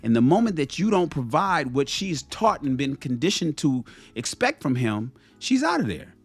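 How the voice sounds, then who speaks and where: A man's voice: mid-range voice, very animated, normal speed, husky. A man, a motivational vlogger, telling a story in a casual monologue, often repeating and restarting his phrases. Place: home in Los Angeles.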